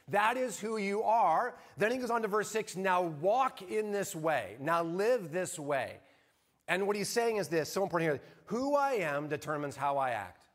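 Earnest pastor, man, slightly high voice. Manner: earnest, drops to soft hushed tones for emphasis. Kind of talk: sermon.

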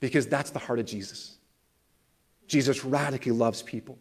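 Medium-pitched and moderately paced, this pastor weaves storytelling into his sermon. He tells each tale with animation, performing the quoted voices of the people involved.

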